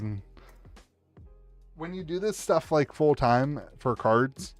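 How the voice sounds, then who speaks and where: A man's voice: fairly high pitch, moderate pace, pauses often, no echo, soft background music. A man hosting a live stream, opening card packs for viewers, cheering big pulls and rambling with many restarts. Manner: excitable, hypes up pulls with cheers and shouts; rambling, restarts sentences often. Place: home streaming setup at a table.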